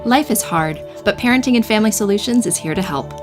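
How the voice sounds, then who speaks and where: A woman giving a scripted sponsor read in a polished, even promotional tone. Her voice is middle-pitched for a woman, and a clearly audible music bed plays underneath. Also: fast. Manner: warm, even promotional delivery. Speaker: ad announcer.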